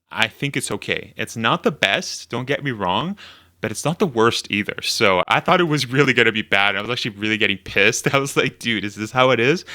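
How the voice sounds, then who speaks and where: A man's voice: mid-range voice, bright, forceful tone. A man hosting his own video, giving casual reaction commentary while thinking aloud, rambling with lots of fillers. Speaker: YouTube host.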